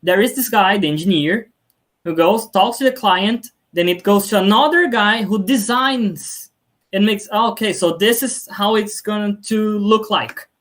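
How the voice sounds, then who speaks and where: A woman's voice: medium pitch, a little slow. A woman practicing conversation as a student, talking in a hesitant way with non-native phrasing.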